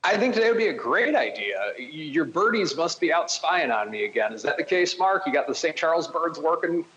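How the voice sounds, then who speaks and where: A man commenting on options trading on a podcast, explaining a strategy in a relaxed, conversational way with frequent "uh" fillers. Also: fairly high pitch, brisk. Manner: lively, conversational teaching with frequent "uh". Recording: dull lo-fi sound with faint hiss.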